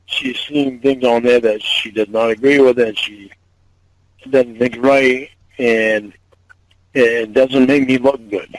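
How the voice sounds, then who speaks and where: A man's voice: medium pitch, steady tone, takes it slowly, no echo. A man on a phone call, agitated, swearing often and repeating himself.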